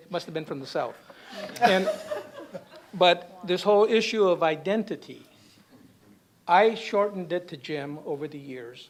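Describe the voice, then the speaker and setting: A man's voice: high-pitched, slight background noise. A man on a symposium panel telling a humorous personal story, often tagging lines with "okay?". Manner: humorous anecdotal delivery with frequent "okay?" tags. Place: university symposium hall.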